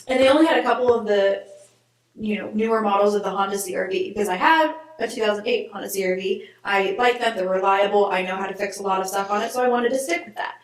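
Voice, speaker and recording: A young woman co-hosting a podcast, ranting in an animated, exasperated way with mild swearing, in casual chat. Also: mid-range voice. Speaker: podcast co-host. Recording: echoey, distant lo-fi remote recording.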